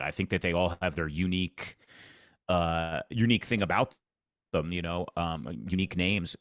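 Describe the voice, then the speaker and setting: Deep-voiced man, dry close sound. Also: no echo. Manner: relaxed, earnest, talks of his deep voice. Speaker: guest, arena announcer. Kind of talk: casual interview chat.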